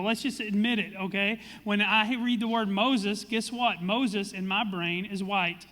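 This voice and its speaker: A man's voice: high voice, fairly even intonation, a little slow, few pauses, pushed and bright, big-room sound. A man, a pastor, preaching and then leading a panel discussion in an earnest, conversational way. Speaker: pastor hosting a church discussion. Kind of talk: sermon and moderated panel.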